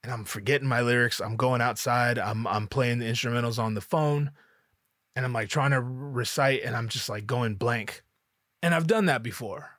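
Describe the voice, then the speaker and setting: A man's voice: mid-range voice, moderate pace, a bit bright, no echo, studio quality. A man, a rapper, telling a personal story casually, candid and swearing freely.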